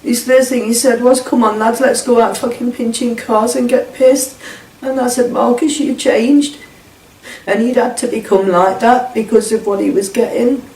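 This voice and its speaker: A man's voice: very high voice, fairly even intonation, normal speed, darkish tone. A middle-aged man, giving blunt, sweary personal testimony in an interview and repeating himself as he retells events. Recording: roomy, distant mic, faint ambience.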